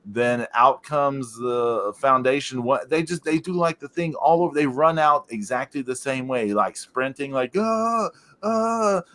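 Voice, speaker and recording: A man's voice: mid-range voice, normal speed, hardly any pauses, fairly bright tone. A man co-hosting a podcast in casual chat, rambling with lots of fillers and laughing as he recounts things. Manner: amused, laughs while recounting. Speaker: podcast co-host.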